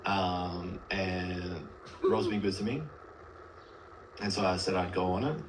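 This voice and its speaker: A low-voiced man makes an earnest, rambling case on a livestream, peppering his talk with "like" and "right". A faint hum runs under the played-back clip. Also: steady tone, slow. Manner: rambling, heavy filler words, earnest. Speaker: livestream guest. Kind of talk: casual debate on a livestream.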